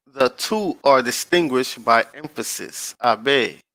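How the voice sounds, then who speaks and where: A man hosting his online channel, reading aloud from a screen-shared page and commenting in a slow, drawn-out way, often checking in with his viewers and talking to them in casual slang. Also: medium pitch, pushed and bright, dry recording, poor audio.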